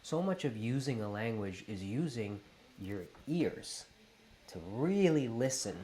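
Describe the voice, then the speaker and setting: A man in his late thirties from Canada with a Canadian accent, a host talking casually to camera in an animated, playful way. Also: medium pitch, a little slow, a little hiss or hum.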